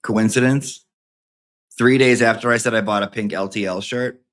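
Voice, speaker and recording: A man's voice: lowish voice, fairly even intonation, a little fast, fairly bright tone. A man hosting his channel, chatting casually and campily to his viewers, reading out their emails with sassy asides and plenty of swearing. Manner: campy, sassy, swears freely, lots of asides. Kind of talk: casual chat to a live audience.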